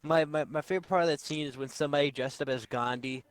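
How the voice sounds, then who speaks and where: A man co-hosting a podcast, excitedly recalling favorite movie scenes, often stumbling over his first words. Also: a little high, quick pace. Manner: enthusiastic, stammering restarts, swearing. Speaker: podcast co-host. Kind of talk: casual movie review chat.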